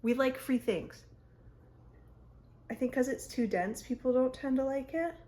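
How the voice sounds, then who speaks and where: A woman's voice: high voice, measured pace, mellow. A young woman chatting through a makeup tutorial at home, rambling and cutting herself off, recorded on a phone. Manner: chatty, rambling, self-interrupting. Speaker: beauty vlogger. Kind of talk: casual makeup tutorial chat. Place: home, by a mirror. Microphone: phone camera.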